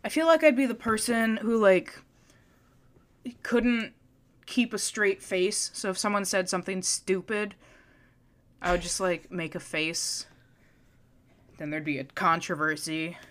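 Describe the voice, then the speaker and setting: Smooth-voiced young woman chatting. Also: mid-range voice, measured pace, pauses often. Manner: chatty, offhand, joking. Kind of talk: casual chat.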